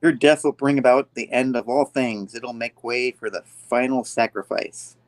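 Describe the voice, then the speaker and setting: A man's voice: medium pitch, fairly even intonation, moderate pace, lightly acted. A man reading out a grandiose comic villain. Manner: grandiose, solemn proclamations. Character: pompous male villain chanting doom.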